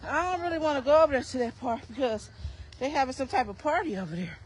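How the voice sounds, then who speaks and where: A woman's voice: high voice, expressive, fast talker. A woman vlogging casually on an outdoor park trail, a little out of breath, chatting and teasing her kids as she walks, on a handheld phone. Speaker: vlogger and mother. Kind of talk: casual walking vlog.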